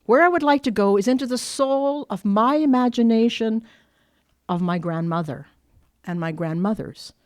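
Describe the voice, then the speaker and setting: A woman addresses a workshop audience in a fairly high voice. She tells her own story plainly and bluntly, laughing often along the way. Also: moderate pace, a little mellow. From Ireland. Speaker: recovery meeting speaker. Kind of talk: personal recovery talk to an audience. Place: workshop meeting room.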